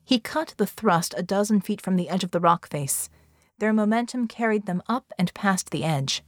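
In a dry, studio-quality recording, a woman with a mid-range voice reads scripted narration for an adventure audiobook. She keeps a moderate pace and a steady, even storytelling style.

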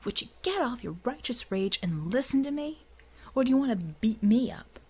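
A woman's voice: on the high side, expressive, normal speed, darkish tone, breathy edge, voice pushed up. A woman voicing a blunt, seasoned male soldier in an audiobook, drawling slang with wry impatience. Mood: exasperated. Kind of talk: audiobook character voice.

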